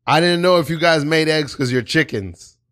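Un homme qui joue un client hésitant qui s'excuse et cherche ses mots, son sec. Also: male voice, fairly high pitch, moderate pace, a bit bright, dry recording, studio quality, close to an everyday voice. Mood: timid. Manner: hesitant, apologetic, stumbling. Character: timid, awkward male customer.

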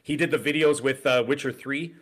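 A man's voice: medium pitch, steady tone, a little fast, a bit bright. A middle-aged man co-hosting a podcast, telling a long story in casual chat, full of fillers and asides. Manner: rambling storyteller with frequent fillers. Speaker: podcast co-host.

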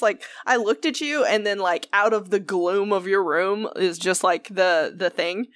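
A woman's voice: mid-range voice, measured pace, hardly any pauses, dry recording. Giggly sweary woman podcast co-host. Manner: giggly, sweary, animated storyteller. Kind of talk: casual chat.

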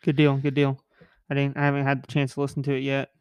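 A man's voice: mid-range voice, monotone, clean tone, no echo, clean studio sound. Nasal-voiced joking podcast host man. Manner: joking, rambling, quick asides. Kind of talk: casual podcast banter.

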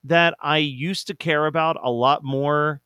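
Chatty young man, bright dry voice. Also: on the high side, steady tone, a little slow, clean tone, no echo. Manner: chatty, laughs often, many fillers. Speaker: podcast co-host. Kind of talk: casual chat.

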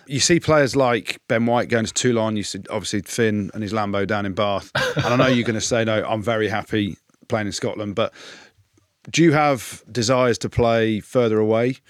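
A man's voice: lowish voice, moderate pace, dry recording, studio quality. A man hosting a rugby podcast, asking questions and trading banter with his co-host. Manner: banter, ribbing. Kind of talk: casual rugby chat.

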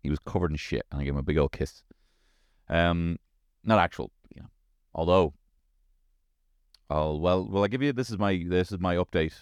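This show host is a thirty-something man from Dublin with a low voice, speaking at normal speed with long pauses and a smooth delivery. His comic monologue is animated, sweary and full of tag questions, captured in a dry, clean studio recording.

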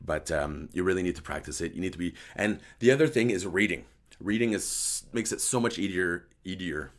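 A tired, hoarse male host with a slight French-Canadian accent, chatting casually and rambling as he answers a live chat. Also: sits low, expressive, a little fast. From Quebec, Canada. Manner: rambling, self-deprecating, switches between English and French.

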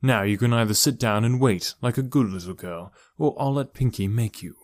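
A man voicing a grinning, menacing male thug in an audiobook, speaking in a slow, mocking drawl. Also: medium pitch, no room sound, natural voice.

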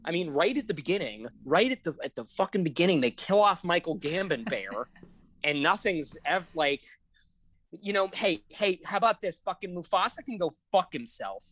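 A woman co-hosting a podcast in casual chat, gushing and excitable, often laughing and swearing. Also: lowish voice, moderate pace. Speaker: podcast co-host.

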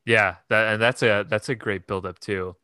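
A man's voice: fairly low pitch, steady tone, normal speed, pushed and bright, smooth, no room sound, studio quality. A young man co-hosting a podcast, chatting casually about a film with plenty of fillers and restarts. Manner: hesitant, many fillers and restarts. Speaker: podcast co-host.

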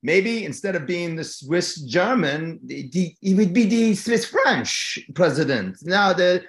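Playful middle-aged actor, high voice. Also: male voice, animated, unhurried. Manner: playful, joking. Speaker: actor, guest. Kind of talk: casual interview chat.

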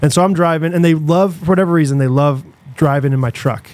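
A young man, co-hosting a podcast, telling a long story in a rambling, animated way full of fillers and restarts. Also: fairly high pitch, quick pace. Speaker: podcast co-host. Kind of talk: casual storytelling chat.

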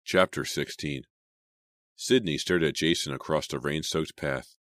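Very deep-voiced man narrating an audiobook. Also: a little slow, dry recording, studio quality. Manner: dramatic, suspenseful storytelling.

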